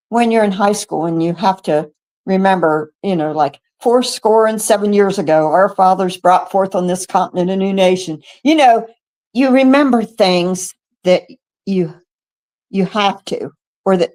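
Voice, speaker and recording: An older woman in her seventies from the United States, a guest on a radio show, telling her own story with lively acted-out dialogue, stumbling and restarting as she goes. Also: medium pitch, a little slow. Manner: animated storyteller who acts out quoted dialogue, with stumbles and restarts. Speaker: guest witness. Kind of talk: first-person storytelling. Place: radio studio.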